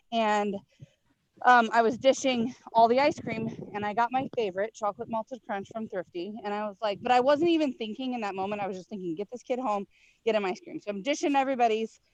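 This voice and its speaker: A woman sharing a personal story on a group video call, animated and casual. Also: a little high, no echo. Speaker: group member. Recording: dry, dull video call audio.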